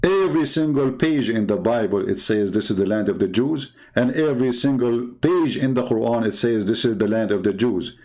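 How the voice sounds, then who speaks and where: A man's voice: mid-range voice, animated, normal speed, few pauses, a little mellow. A man delivering a combative, mocking monologue as an online religious debater, growing heated as he makes his points. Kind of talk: impassioned monologue.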